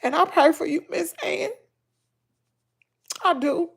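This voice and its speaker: Tearful Southern woman with a gravelly voice. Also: extremely high pitch, slow pace. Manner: tearful, heartfelt, talking straight to viewers. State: crying, nose stuffed up. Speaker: family vlogger. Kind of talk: emotional livestream talk to viewers.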